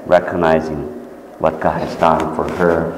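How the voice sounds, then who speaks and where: A male pastor telling a story in a sermon, his voice climbing when excited and sinking soft and low. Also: a little slow, background noise. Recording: echoey church hall.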